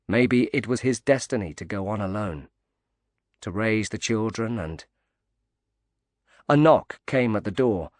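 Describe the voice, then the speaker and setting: A man narrates a thriller audiobook in a measured, subdued way. His voice sits low. The recording is dry and close, with no room sound. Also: no room sound.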